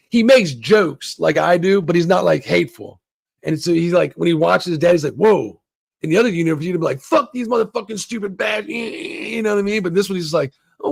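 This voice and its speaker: A man's voice: a little high, creaky, no echo. A man hosting a casual, rambling and profane review of a TV episode. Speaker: show reviewer, channel host.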